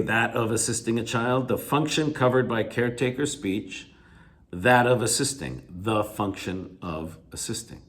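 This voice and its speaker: A man teaching a recorded lecture, restating each key word with simpler synonyms and repeating himself as he works through answers. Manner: stretches pitch up on examples, lets phrase ends drop quiet. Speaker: English teacher. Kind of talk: video lecture going over reading answers.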